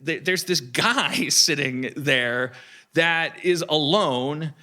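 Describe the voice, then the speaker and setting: A man telling a rambling comic story on a live podcast, halting and restarting often as he goes. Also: on the high side, sharp tone.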